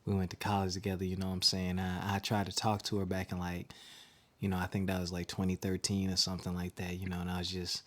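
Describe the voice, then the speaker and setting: A man putting on a low, hushed late-night radio smoothie, crooning softly and dropping his voice to a deep murmur. Quiet and intimate, played for laughs on a podcast. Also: monotone, quick pace, lightly acted. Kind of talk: comic bit on a podcast.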